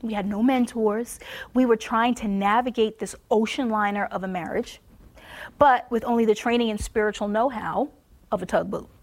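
A woman giving a Christian testimony sermon on marriage. She laughs often and drops to a soft near-whisper for emphasis. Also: a little high.

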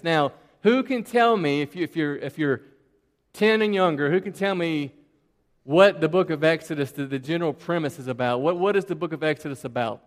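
A man giving a children's sermon in a church, telling personal stories in a chatty, animated way with lots of repeated words. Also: a little high, in a large hall. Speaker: preacher.

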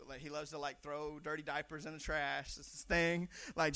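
A young male pastor delivers a lively sermon, chatty and animated, often restarting words before he presses a point. His voice sits high and bright, with a gravelly edge. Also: normal speed, hardly any pauses. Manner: conversational, animated, repeats words, shouts punchlines.

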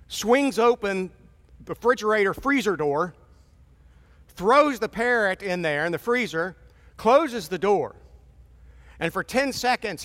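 A man's voice: high-pitched, a bit bright. A man in his fifties preaching a sermon in a conversational, storytelling way with wry asides. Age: 50s.

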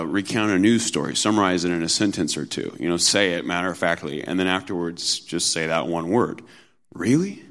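A man preaching a Sunday morning sermon to his congregation in an earnest, conversational way, slowing down to stress key points. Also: deep voice. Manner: earnest preaching, slows for emphasis, mimics mocking tones in quotes. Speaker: pastor.

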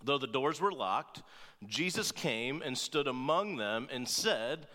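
A man's voice: medium pitch, animated, takes it slowly, bright, forceful tone. A man preaching a sermon as pastor, talking conversationally and often checking in with "right?" and playful asides. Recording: long reverb of a large hall.

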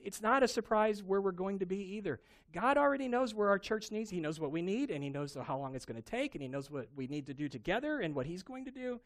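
Pastor guy preaching, lively storytelling, voice a bit on the high side. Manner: animated storytelling, acting out quoted voices. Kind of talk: sermon.

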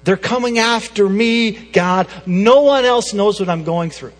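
A man acting out a frightened prophet who is sure he is the last one left. The voice is high and pressing, and it echoes through a long, reverberant hall. Soft music plays underneath. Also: a little slow. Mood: pleading. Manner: anxious, complaining, raised and pressing. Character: frightened lonely male prophet pleading with God. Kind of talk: dramatized scripture in a sermon.

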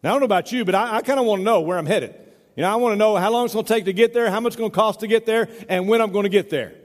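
A man's voice: high-pitched, very fast, big-room sound. A middle-aged man preaching a folksy, conversational sermon, often saying "you know," in a church. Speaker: pastor.

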